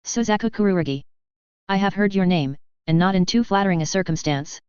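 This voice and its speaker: A reader doing a wary middle-aged French tycoon in a storybook reading, clipped and indignant. The voice is very smooth and resonant, with a dull, lo-fi tone. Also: mid-range voice, fairly quick, darkish tone, no echo, natural voice.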